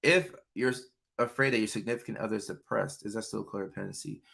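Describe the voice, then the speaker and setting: A man's voice: fairly low pitch, quick pace, creaky, fairly bright tone. A young adult man hosting a livestream, chatting casually about relationships and answering viewer questions, with lots of fillers. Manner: loose and chatty, many fillers, acts out quoted voices. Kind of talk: casual live chat.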